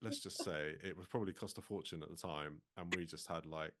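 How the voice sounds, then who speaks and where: Brief: deep-voiced man, podcast co-host, easygoing and reminiscing. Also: fairly even intonation, a little fast, fairly bright tone. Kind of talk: casual chat.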